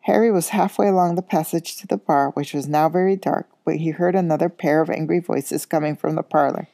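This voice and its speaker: A woman reading a children's novel aloud in a steady storytelling manner. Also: deep voice, brisk, creaky, no echo, clean studio sound. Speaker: reader.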